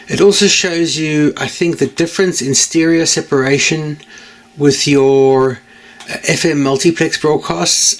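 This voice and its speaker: A man hosting his own channel in a casual chat to camera, rambling and jokey, often correcting himself mid-sentence. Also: fairly high pitch. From United Kingdom. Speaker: channel host.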